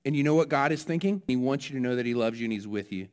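A man pastor who gives a children's message and then a sermon. He talks in a lively way and keeps asking his listeners questions. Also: mid-range voice, rapid-fire, clear, resonant tone.

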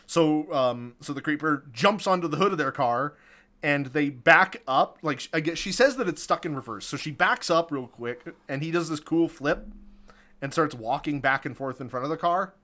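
A man's voice: a little high, lively intonation, moderate pace, pushed and bright. A man casually recapping a movie on a podcast, chatty and amused, laughing often. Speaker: podcast co-host recapping a film. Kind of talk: casual chat.

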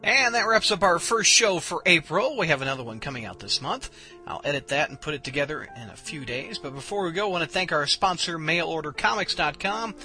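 A man hosting a casual podcast, chatting in lively bursts with frequent filler uhs. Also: a little high, fairly quick, soft background music. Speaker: podcast host.

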